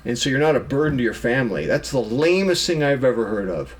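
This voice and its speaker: A man's voice: medium pitch, expressive, fast talker. A middle-aged man vlogging to camera, emphatically scolding himself for his own excuses and calling himself out by name. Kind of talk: self-critical monologue to camera.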